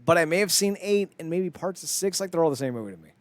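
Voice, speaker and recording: A man co-hosting a podcast chats casually in a fairly high, animated voice at a quick pace, rambling, joking, and laughing often.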